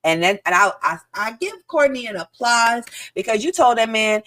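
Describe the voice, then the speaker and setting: A woman co-hosting a casual reality TV recap, talking in an animated, emphatic way. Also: a little high, moderate pace. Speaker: co-host.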